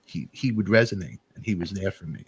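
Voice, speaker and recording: A talk show host delivers an emotional, casual monologue, telling a story in a rambling, animated way with sudden pitch jumps. He talks fairly quickly, and there's a little hiss or hum.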